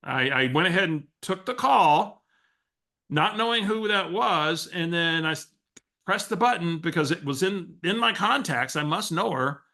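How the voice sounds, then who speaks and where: A man coaching real estate agents, his voice bright and forceful. He tells stories with lively acted-out dialogue and often restarts his sentences. His speaking voice sits a little high for a man. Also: moderate pace, vocal fry. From Texas. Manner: animated storyteller who acts out quoted dialogue, with frequent restarts. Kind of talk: coaching call storytelling.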